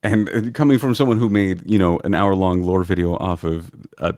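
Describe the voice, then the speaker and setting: A man's voice: low voice, fairly even intonation, brisk, a little mellow, dry recording, studio quality. A man being interviewed on a podcast, talking thoughtfully and hesitantly with many ums. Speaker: podcast guest, lore video creator. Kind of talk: casual interview chat.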